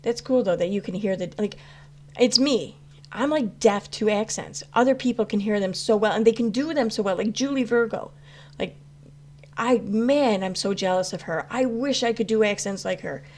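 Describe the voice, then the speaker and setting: A woman's voice: medium pitch, normal speed, darkish tone. A woman chatting casually on a live stream, answering chat with rambling talk full of fillers and restarts. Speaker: YouTube commentary host answering live chat.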